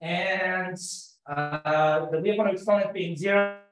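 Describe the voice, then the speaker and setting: Over music, a lecturer with a high, steady voice gives a mathematics seminar talk without rushing, working through each step and thinking out loud. The seminar room is echoey and the sound slightly dull.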